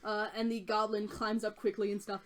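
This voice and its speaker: A woman's voice: mid-range voice, level tone, a little fast. A woman narrating a tabletop game as game master, descriptive and full of "uh" fillers.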